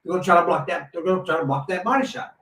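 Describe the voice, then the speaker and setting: A man's voice: on the high side, racing. A former boxer in his fifties, telling a long casual story with many restarts and asides. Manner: rambling, animated anecdote with many restarts. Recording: roomy, distant mic, faint noise.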